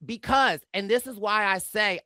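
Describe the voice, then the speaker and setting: A man co-hosting a casual TV recap podcast, excitable and laughing often, breaking into quoted voices. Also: high-pitched, moderate pace, no room sound, clean studio sound. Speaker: podcast co-host.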